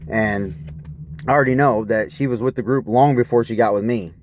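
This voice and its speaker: A man's voice: mid-range voice, a little fast, no echo. A man telling a rambling personal story in an aggrieved, profane way, asking again and again what is wrong with people. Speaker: vlogger.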